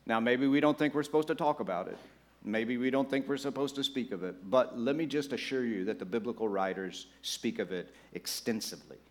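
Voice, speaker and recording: Speaking at a fairly quick clip with a medium-pitched voice, a male pastor preaches to the congregation. He's lively and conversational, imitating the voices of churchgoers and sharing laughs with the crowd.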